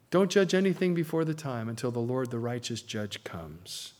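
A man preaching a sermon to a congregation, swinging between loud emphasis and quiet asides. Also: medium pitch, animated, moderate pace, hardly any pauses. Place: church before a congregation.

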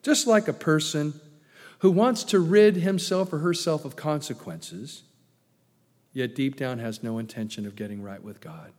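A man's voice: a little high, unhurried, darkish tone. A man preaching a sermon as a pastor, emphatic, with many rhetorical questions. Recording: long hall reverb.

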